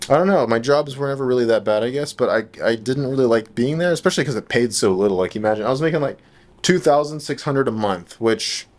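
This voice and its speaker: A young man from the United States talking casually in a vlog, relaxed and loose, full of fillers and restarts. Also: medium pitch. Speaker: trading vlogger. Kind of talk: casual rambling monologue.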